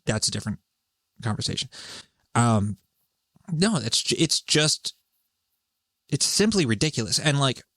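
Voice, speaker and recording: A man's voice: mid-range voice, big pitch swings, unhurried, long pauses, fairly bright tone, no room sound. Rambling, foul-mouthed man on a dry mic. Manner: rambling, profane, exasperated; laughs often while talking. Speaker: podcast host. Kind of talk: casual solo monologue.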